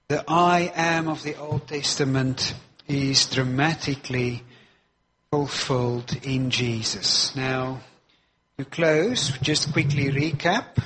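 A man's voice: a little high, a bit bright, a little hiss or hum. A man preaching a sermon, stressing and repeating key phrases for weight.

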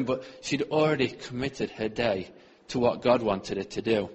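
A man giving an earnest sermon testimony in church, often trailing off softly at the ends of his sentences. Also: mid-range voice, fairly even intonation, moderate pace, hardly any pauses, breathy edge. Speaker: church speaker.

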